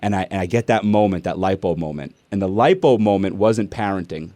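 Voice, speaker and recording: Low-pitched man, middle-aged host, casual and animated storytelling, dry recording. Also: brisk, no room sound. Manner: animated, acts out family dialogue. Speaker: podcast host and speaker.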